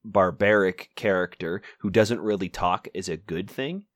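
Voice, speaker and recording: A man in a casual film-review chat who restarts his sentences and slows down for emphasis. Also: low voice, a bit bright, no echo, clean studio sound.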